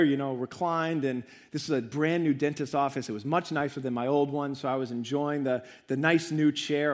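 A young adult man, a pastor, preaching a sermon in church, earnest and building emphasis through repetition. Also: mid-range voice.

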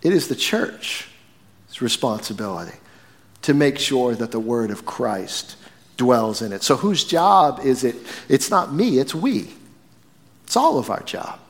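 Animated male pastor preaching in a reverberant hall. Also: mid-range voice, unhurried. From northern United States. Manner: animated preaching with wide swings from quiet to emphatic. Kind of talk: sermon. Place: church sanctuary.

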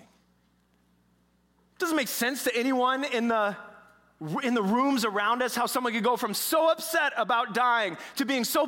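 A pastor telling a story in a sermon, animated, moving between hushed moments and emphatic ones. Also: male voice, very high-pitched. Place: church sanctuary. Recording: long church reverb.

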